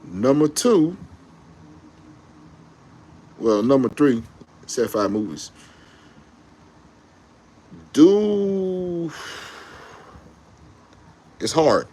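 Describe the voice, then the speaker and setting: Brief: male vlogger, average pitch, excitable slangy fan rant, rambling with self-corrections. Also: takes it slowly, long pauses, husky. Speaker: YouTube commentator. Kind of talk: casual fan rant to camera.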